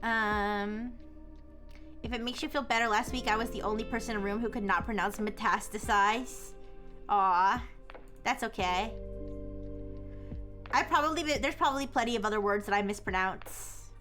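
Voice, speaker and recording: A woman's voice: medium pitch, moderate pace, long pauses, over music. A young woman chatting casually on a livestream, answering chat messages and giggling often.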